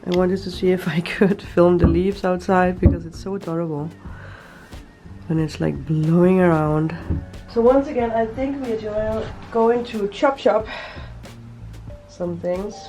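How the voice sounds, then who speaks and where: A woman's voice: lowish voice, measured pace, warm tone, faint music behind, rough recording. A woman vlogging casually as she cooks, chatting and thinking aloud as she goes. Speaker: cooking vlogger. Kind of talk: casual cooking vlog.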